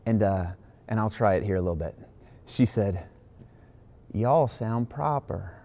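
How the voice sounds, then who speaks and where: A man's voice: deep voice, a little fast, mellow. A man from the Midwest preaching a sermon as a pastor, casual and emphatic, with many asides. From Midwestern United States.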